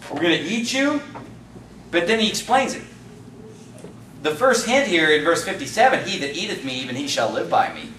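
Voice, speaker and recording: A man's voice: high-pitched, pushed and bright, a little hiss or hum. A man preaching a sermon, reading scripture aloud and then paraphrasing it in everyday words with emphasis. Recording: roomy sound from a distance, faint ambience.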